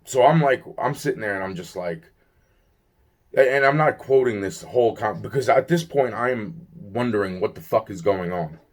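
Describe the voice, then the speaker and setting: With a voice on the low side, this young man talks animatedly at a moderate pace. He's agitated as he rambles through a personal story, cursing frequently, using many fillers and starting sentences over.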